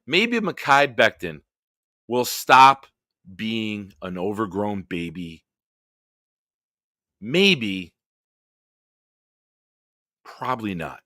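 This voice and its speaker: A man's voice: on the low side, sing-song, very slow, long pauses, bright, forceful tone, no echo, studio quality. A man hosting a live-stream sports chat, ranting profanely and heatedly, then chatting with viewers. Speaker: host.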